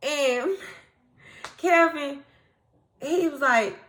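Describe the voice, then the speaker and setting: A woman, recapping a TV episode to viewers in a casual, animated way, acting out characters' lines and laughing often. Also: high-pitched, takes it slowly, long pauses. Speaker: TV recap host.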